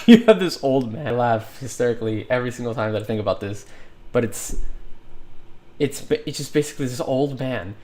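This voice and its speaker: A man with a mid-range, somewhat dark voice and a faint hiss or hum in the background chats casually on a livestream while modeling in 3D software. He rambles, thinks out loud and laughs a lot.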